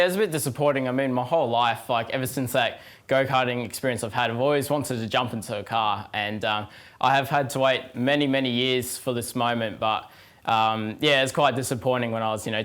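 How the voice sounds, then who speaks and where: A teenage Australian lad being interviewed, talking in halting bursts full of ums and likes. His voice sits in an ordinary middle pitch. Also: fairly bright tone. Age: teens. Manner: hesitant, lots of fillers. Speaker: guest racing driver. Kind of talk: casual interview.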